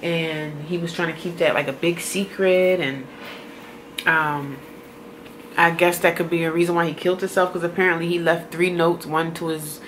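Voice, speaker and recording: Emotional, rambling woman, lowish voice. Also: fairly bright tone, a little hiss or hum. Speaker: vlogger. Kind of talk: casual talk to camera.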